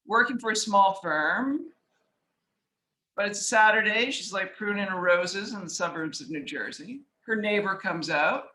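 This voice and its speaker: A woman appearing as an author and investor guest tells anecdotes casually, acting out dialogue and leaning on plenty of filler words. Her voice is medium-pitched with a sharp tone, heard in a reverberant, low-quality recording.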